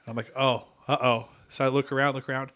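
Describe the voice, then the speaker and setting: A man's voice: mid-range voice, level tone, quick pace, fairly bright tone. A man in his forties, a podcast co-host, telling a long, rambling story in casual chat, correcting himself often and acting out quoted lines. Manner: rambling, self-correcting anecdote with quoted dialogue.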